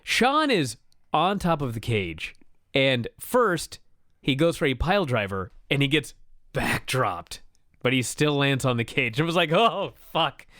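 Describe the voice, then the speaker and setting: A man co-hosting a wrestling review show, retelling a match with excited, profane storytelling. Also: mid-range voice, measured pace, no echo, studio quality. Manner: animated storyteller, swears freely, laughs while telling. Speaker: wrestling podcast co-host. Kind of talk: excited casual review chat.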